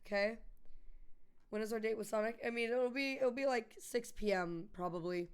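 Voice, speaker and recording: A woman's voice: on the high side, a loud crowd. A young woman streaming a game, chatting casually with her chat and swearing freely. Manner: swears freely, quick reactive banter with chat. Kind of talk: casual live-stream chat while gaming.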